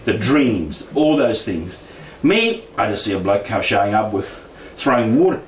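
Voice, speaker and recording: Recorded from a distant mic in an echoey room with faint noise, a middle-aged man from Australia casually recounts a personal paranormal story. His lowish voice swings widely in pitch at normal speed with hardly any pauses, and he laughs a lot while imitating the voices of people he quotes.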